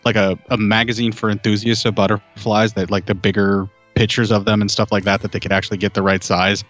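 Male podcast co-host, lower register, chatty and long-winded. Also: flat delivery, a little fast, fairly bright tone, lo-fi sound, soft background music. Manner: detailed, rambling explanations. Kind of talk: casual film review chat.

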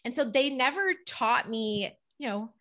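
Bright, giggly woman podcast host. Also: a little high, unhurried. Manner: giggly, animated, drops into Italian words. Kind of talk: casual chat.

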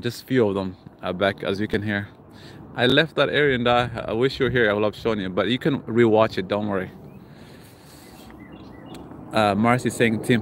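A man walking through a city park with his phone, reading out and answering live chat comments in an easygoing tone. His voice sits at an ordinary middle pitch. Faint traffic noise hangs behind him outdoors. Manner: reads viewer comments aloud and greets them. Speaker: livestream vlogger.

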